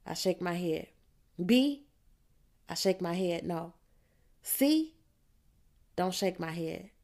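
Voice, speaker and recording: A woman reading a first-person audiobook, narrating in a steady street-dialect teen voice. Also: lowish voice, normal speed.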